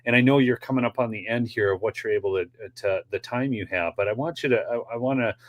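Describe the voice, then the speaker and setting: A man's voice: on the low side, fast. A man hosting a faith-focused talk show, earnest and preacherly, speaking directly to viewers. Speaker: show host.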